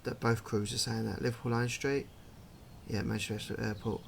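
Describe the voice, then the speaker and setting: A man's voice: fairly low pitch, level tone, moderate pace, creaky, slight background noise. A man giving casual, chatty commentary while playing a train game, thinking aloud and puzzling over details. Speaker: gaming channel host.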